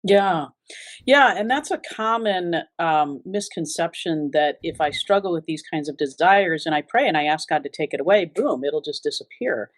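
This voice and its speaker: A woman's voice: low voice, lively intonation, moderate pace, dry recording. A woman giving an earnest, reflective personal testimony in an interview, often restarting her sentences. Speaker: interview guest.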